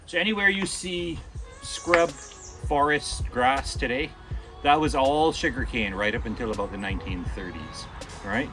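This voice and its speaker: A man's voice: mid-range voice, expressive, a little slow, music in the background. A man guiding a bike tour group, giving friendly instructions and background facts.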